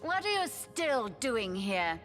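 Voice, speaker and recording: A woman's voice: a little high, big pitch swings, slow, fairly bright tone, faint music behind, full character voice. A haughty woman shooing intruders. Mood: indignant. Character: indignant woman disturbed in her bath. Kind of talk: voiced video game dialogue.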